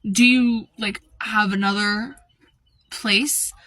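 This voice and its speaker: A woman's voice: medium pitch, steady tone, takes it slowly, fairly bright tone. A woman voicing a demanding woman customer with a Russian accent, talking in blunt, clipped questions.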